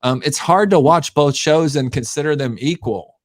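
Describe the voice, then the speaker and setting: A man's voice: a little high, moderate pace, no echo. A man hosting a casual wrestling podcast, talking bluntly with strong opinions and casual swearing. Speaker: podcast host. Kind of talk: casual chat.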